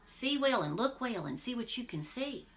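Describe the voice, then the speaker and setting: A woman's voice: on the high side, lively intonation, moderate pace, a bit bright, voice pushed up. A woman voicing Jack, a clever young male folk hero, calling out cheerfully and confidently in a storybook read-aloud. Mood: eager.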